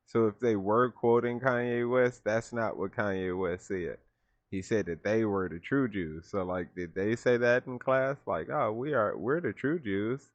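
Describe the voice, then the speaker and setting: A man hosting a reaction video, talking in a casual, animated and incredulous way. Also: lowish voice, measured pace, no echo, dull audio. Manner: animated, incredulous, laughs often. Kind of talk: casual commentary reacting to a clip.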